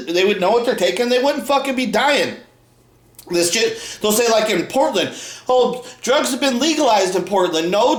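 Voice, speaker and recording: A man's voice: sits high, a bit bright. A man co-hosting a podcast, ranting in a heated, contemptuous way and swearing constantly. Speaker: podcast co-host. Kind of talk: angry profane rant. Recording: echoey room.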